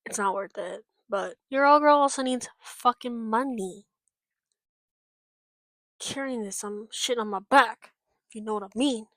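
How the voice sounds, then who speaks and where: A woman's voice: on the high side, unhurried, pauses often, fairly bright tone, no room sound. Frank, rambling young woman vlogger. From United States. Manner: rambling, frank, swears often, many fillers. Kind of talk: casual chat.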